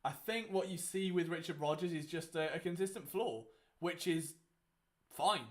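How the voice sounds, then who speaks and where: Chatty young man, high voice. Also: moderate pace. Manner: chatty, rambling, many fillers. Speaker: watchalong host. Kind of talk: casual live game commentary.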